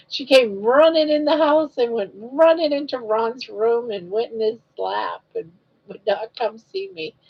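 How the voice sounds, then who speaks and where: Older woman cooing baby talk, husky. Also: fairly high pitch. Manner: cooing, sing-song baby talk with laughter. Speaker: host of a live crochet stream. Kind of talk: casual livestream chat, baby talk to her dog. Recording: dull lo-fi stream audio.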